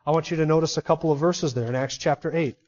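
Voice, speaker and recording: A man with a high voice delivers an expository sermon, pressing his listeners with rhetorical question after rhetorical question. His emphatic preaching comes through a dull, muffled, lo-fi recording. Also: fast, a little mellow. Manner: emphatic, asks the audience many rhetorical questions.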